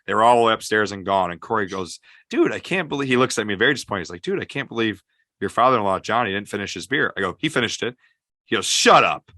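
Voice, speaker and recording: A man's voice: on the low side, expressive, fast, bright, forceful tone, dry recording, studio quality. A man with a Michigan accent hosting a podcast, rambling casually through stories and laughing at his own punchlines. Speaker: podcast host.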